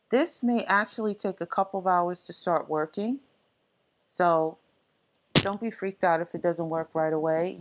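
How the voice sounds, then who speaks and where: A woman narrating a casual screen-recorded tech tutorial, relaxed and full of ums and uhs as she talks through each step. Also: lowish voice, lo-fi sound.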